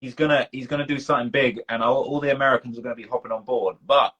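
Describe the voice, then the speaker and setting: A man's voice: mid-range voice, fairly even intonation, rapid-fire, fairly bright tone, slightly rough, dull audio. A man with a British accent, hosting a casual live-stream chat, talking in a loose, slangy way full of fillers and restarts. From United Kingdom. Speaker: documentary channel host.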